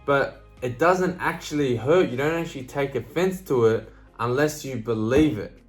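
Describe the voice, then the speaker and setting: A man's voice: medium pitch, normal speed, faint music behind. Blunt, swearing motivational man. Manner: blunt, swears freely, repeats "right?" and "you know". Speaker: motivational speaker. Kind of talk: casual motivational talk to camera.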